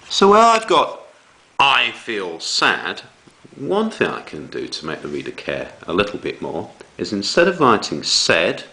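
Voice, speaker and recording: A man teaching young children a writing lesson, reading examples aloud with slow dramatic emphasis. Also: lowish voice, poor audio. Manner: slow, lively delivery with dramatic read-aloud. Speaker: primary school teacher.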